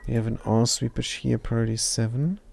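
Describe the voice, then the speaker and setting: Gravelly older German-accented man streaming. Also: medium pitch, fairly even intonation, fairly quick, a little mellow. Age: 60s. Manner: chatty, teasing, mutters at the game. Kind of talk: casual live game-stream commentary.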